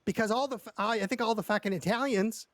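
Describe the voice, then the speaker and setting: A man's voice: high-pitched, fast, no echo. A man telling a long story in character during a roleplay session, rambling and stammering with lots of repeated words and casual swearing.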